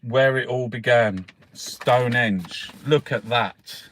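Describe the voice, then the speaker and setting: A man's voice: medium pitch, slow pace, a bit bright, a little hiss or hum. Rambling, swearing Irish man. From Ireland. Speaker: host. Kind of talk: casual newspaper review chat.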